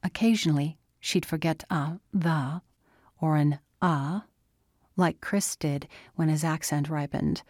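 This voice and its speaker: A woman narrating an audiobook in a calm, measured storytelling manner. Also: sits low, dry recording. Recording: dry close studio sound.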